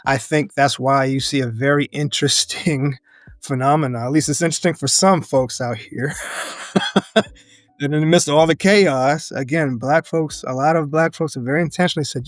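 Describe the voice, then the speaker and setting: A man talking in an interview as an educator and activist, earnest and reflective, building his points in measured phrases and laughing often. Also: a little high, dry recording, faint music behind. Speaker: podcast guest, educator and activist.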